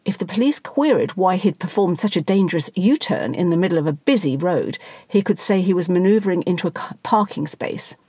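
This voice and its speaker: A woman reading a satirical story aloud in a wry, dry, measured way. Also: lowish voice, animated, dark tone, husky, no echo. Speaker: narrator.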